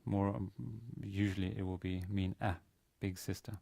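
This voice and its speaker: Male university lecturer, low mellow voice, hesitant and explanatory, dry close sound. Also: flat delivery, normal speed, gravelly, dry recording. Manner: hesitant, explanatory, many fillers and restarts. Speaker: Arabic teacher. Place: university teaching room.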